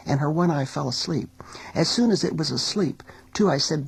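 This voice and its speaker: A woman teacher telling a folk tale in a recording studio, as an expressive storyteller. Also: low voice, husky, rough recording. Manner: expressive storyteller, sings small refrains slowly.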